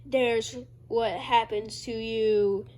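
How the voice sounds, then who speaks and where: A woman putting on a bossy, loud male comic-book hero for her own drawings. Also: on the high side, fairly even intonation, extremely slow. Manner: shouty, blunt.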